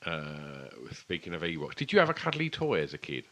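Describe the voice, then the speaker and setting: Deep-voiced sweary man telling stories. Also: very animated, a little fast, bright, forceful tone. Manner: rambling, sweary, chatty storytelling. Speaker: podcast co-host. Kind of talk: casual chat over beers.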